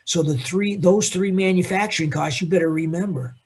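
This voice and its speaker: A man lecturing a class on accounting, animated and teasing, calling on students by name. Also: sits high, brisk, slightly rough. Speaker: accounting instructor.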